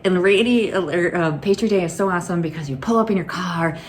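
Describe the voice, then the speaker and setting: A woman's voice: fairly low pitch, fast, a little hiss or hum. A woman vlogging to her phone camera in a candid, rambling way, laughing through anxious stories. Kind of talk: casual personal vlog.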